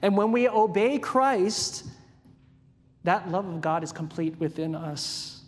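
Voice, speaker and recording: A man's voice: high-pitched, lively intonation, slow pace, big-room sound. A man preaching a sermon in a conversational way, asking the congregation questions and acting out everyday examples. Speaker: pastor.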